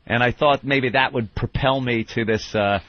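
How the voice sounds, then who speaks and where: A man's voice: medium pitch, fairly even intonation, moderate pace, dry recording. A male radio host telling a rambling, profane story in casual studio talk. His voice sits mid-range. The broadcast sound is dull and lo-fi.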